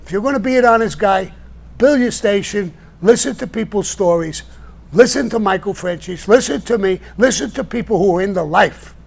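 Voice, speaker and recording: An older man talks on a live stream, blunt and heated, cursing freely as he answers his critics. His voice sits fairly high for a man. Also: moderate pace, gravelly. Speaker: show host answering viewers.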